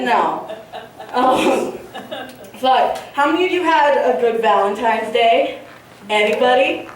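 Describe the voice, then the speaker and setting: A young woman with a high-pitched voice does a stand-up comedy set on a comedy club stage in a large room, speaking slowly. Her rambling, profane routine is full of fillers and giggly asides. She's far from the mic, recorded from afar in a very echoey room.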